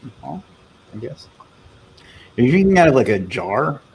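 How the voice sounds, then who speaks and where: A man's voice: medium pitch, very animated, normal speed, darkish tone, slight background noise. A man hosting a casual live Q&A, reading viewer comments aloud in a loose, chatty way. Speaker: livestream host.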